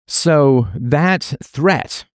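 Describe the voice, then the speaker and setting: A man's voice: fairly high pitch, drawn-out words, dry recording. Emphatic man in a dry monologue. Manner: emphatic, repetitive, argumentative. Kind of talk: philosophical monologue.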